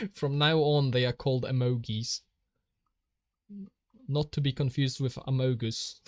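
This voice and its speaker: A young Polish man with a Polish accent chats casually on a drawing stream, giggling, laughing often, and reading out chat. His mid-range voice is fairly even and measured, in studio-quality sound with no echo.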